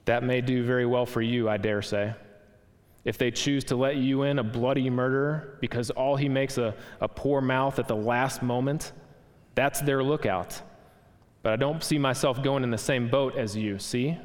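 A man's voice: medium pitch, fairly even intonation, normal speed, natural voice. A man voicing a self-righteous, indignant ghost who insists on his rights, in a raised, blustering voice. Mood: aggrieved. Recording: long hall reverb.

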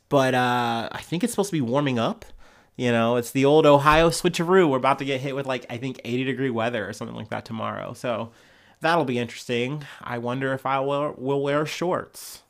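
A man's voice: mid-range voice, fairly quick. A man hosting a casual news podcast, talking with a congested, nasal voice from a cold and rambling loosely with fillers and restarts into a podcast microphone. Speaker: podcast host.

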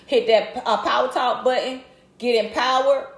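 A middle-aged woman hosting a livestream, chatting casually and greeting viewers by name with a lively, laughing manner. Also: fairly high pitch, normal speed, a little hiss or hum. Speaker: livestream host. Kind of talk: casual live chat reading comments. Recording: roomy echo.

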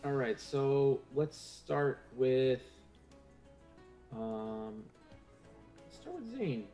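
A young man at a tabletop game, calling rolls and moves in a steady, matter-of-fact way. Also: medium pitch, extremely slow, soft background music. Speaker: player. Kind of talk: casual tabletop play.

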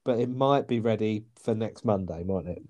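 Mellow-voiced man, wry. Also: fairly low pitch, normal speed. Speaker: podcast co-host. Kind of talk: casual chat.

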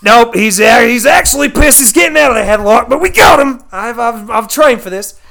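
A man voicing an excitable male Australian wildlife showman, doing loud, hammy and profane nature-show narration in a put-on Australian accent. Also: very high-pitched, brisk, gravelly, voice pushed up, heavily acted. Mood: rowdy. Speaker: podcast co-host.

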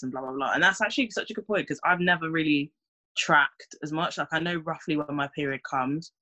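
A woman's voice: low voice, fairly quick, bright, forceful tone, highs cut off. A young woman, chatting casually and acting out her own reactions. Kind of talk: casual chat.

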